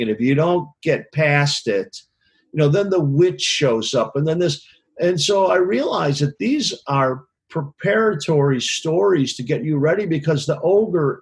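Sitting for a casual interview, this man, who directs lighting for touring concerts, rambles through candid stories full of swearing and repeated "you know what I mean?" checks. His voice sits a little high with a breathy quality.

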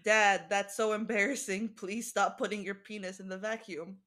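A woman's voice: medium pitch, fairly even intonation, moderate pace, very noisy. A woman co-hosting a podcast in casual chat, laughing often and swearing freely. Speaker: podcast co-host.

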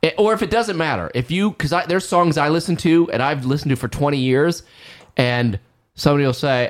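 A man's voice: a little high, a little fast. A man co-hosting a podcast, chatting casually and circling back with questions. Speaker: podcast co-host. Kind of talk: casual chat.

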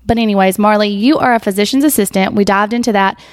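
A woman hosting a casual podcast interview on a phone mic, chatty and quick to laugh, her voice a little worn from a recent illness. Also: mid-range voice, dry recording, studio quality. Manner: chatty, laughs often, says y'all. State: recovering voice after illness. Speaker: podcast host. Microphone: iPhone.

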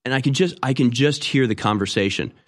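A male commentator on a mocking, sarcastic rant. His voice is medium in pitch, and he rambles with frequent restarts. He sounds scornful and sure of himself. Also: brisk. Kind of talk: opinionated monologue.

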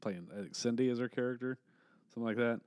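A man's voice: mid-range voice, fast, darkish tone, no echo, clean studio sound. A man co-hosting a casual movie review podcast, rambling and swearing freely, laughing as he talks. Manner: rambling, profane, laughs often. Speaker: podcast co-host.

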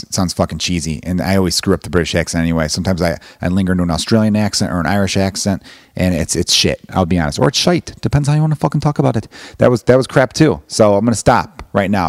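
A comedian in his thirties talks loosely into a close podcast mic, cursing freely and poking fun at himself as he drifts from topic to topic. His voice sits on the low side, and the sound is dry and close, with no room around it. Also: a little mellow, no room sound. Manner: profane, self-deprecating, rambling. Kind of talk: casual rambling monologue.

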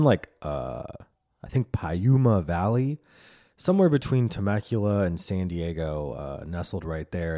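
A low-pitched, dark-toned man hosts his own podcast alone, delivering a casual solo monologue. He rambles loosely, swearing and laughing often.

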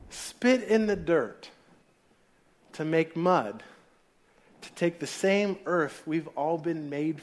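A man preaching a sermon in a casual storytelling way, acting out the people in the story. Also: on the high side. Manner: casual storytelling, acts out voices.

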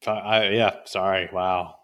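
A man's voice: low voice, flat delivery, a little slow, a bit bright. A man co-hosting a casual podcast chat, mostly chiming in with short reactions.

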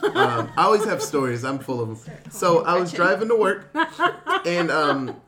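A man's voice: on the high side, moderate pace, a loud crowd. A man hosting a podcast, telling rambling stories in casual banter with friends. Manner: rambling, animated storyteller. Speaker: podcast host.

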